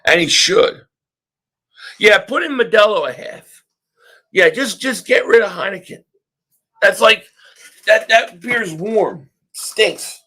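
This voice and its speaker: A man hosting a live sports reaction stream, ranting excitably and often shouting at the game. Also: high-pitched, slow pace, pauses often. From Philadelphia area.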